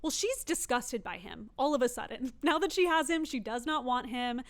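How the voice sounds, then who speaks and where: A woman's voice: high-pitched, animated, normal speed. A young woman giving a casual, opinionated TV recap, chatty and laughing often. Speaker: TV recap reviewer.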